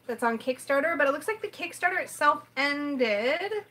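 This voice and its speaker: A woman's voice: high voice, lively intonation, moderate pace, bright, forceful tone. A woman hosting a casual live-stream chat, thinking aloud and teasing herself as she browses. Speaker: host.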